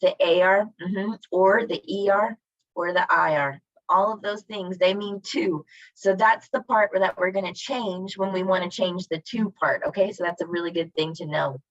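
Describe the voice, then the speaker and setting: Her voice is lowish with fairly even intonation and a moderate pace, and there's no room sound. She's an online Spanish teacher, encouraging as she asks students questions and praises their replies, heard through dull lo-fi video call audio.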